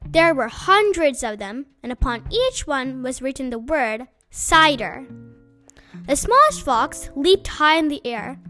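Slow, expressive woman storyteller. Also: high voice, faint music behind. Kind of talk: children's story reading.

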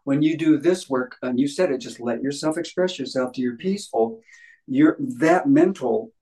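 A man's voice: fairly high pitch, normal speed, mellow, poor audio. A man talking as a guest in an interview, earnest and emphatic, often repeating phrases for stress. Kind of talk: conversational podcast interview.

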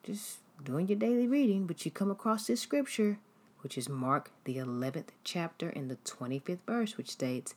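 A woman with a low, husky voice gives a devotional teaching. She tells everyday stories in a conversational, animated manner. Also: normal speed. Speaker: devotional speaker.

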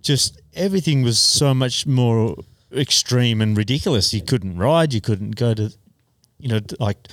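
A man's voice: mid-range voice, expressive, normal speed, no echo, studio quality. A man chatting casually on a podcast, telling riding stories and laughing often. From Australia. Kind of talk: casual chat.

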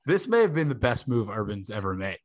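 A young man co-hosting a podcast, telling stories in a profane, joking, animated way. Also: fairly low pitch, fairly quick, dry recording. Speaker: podcast co-host. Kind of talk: casual podcast banter.

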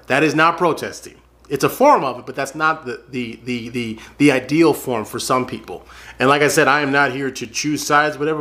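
Guy talking earnestly to his viewers, mid pitch, keeps repeating himself to drive it home. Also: a bit bright. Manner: earnest, repeats phrases for emphasis, addresses listeners as folks. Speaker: commentator addressing viewers. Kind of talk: casual spoken commentary to camera.

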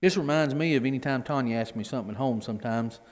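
A man's voice: mid-range voice, fast, darkish tone, big-room sound. A middle-aged man teaching a Bible class in a conversational way, often repeating his words as he explains the reading. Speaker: preacher.

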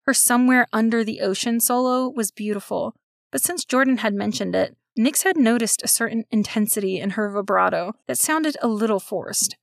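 A woman reading a children's story aloud, giving steady, expressive narration. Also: a little high, normal speed, creaky, no echo, clean studio sound.

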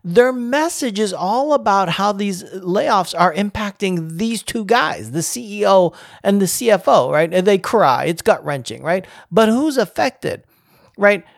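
A man giving casual spoken commentary on leadership, emphatic and climbing higher in pitch as he presses a point. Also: expressive, a little slow, gravelly, dry recording, studio quality. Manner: emphatic, rises in pitch when making a point.

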